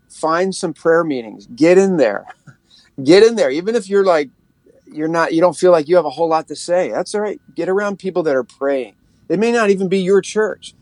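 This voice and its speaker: A middle-aged man, a pastor and worship leader, giving casual, upbeat advice in conversation and slowing down when he reads scripture. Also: fairly high pitch, a little mellow, no room sound.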